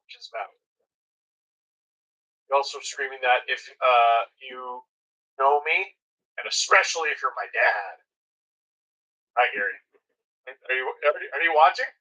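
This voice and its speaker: A man's voice: on the high side, sharp tone, dull audio. A man hosting hockey game commentary, playful and joking, with mock sponsor reads. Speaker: hockey broadcast host. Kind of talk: comedic live game commentary.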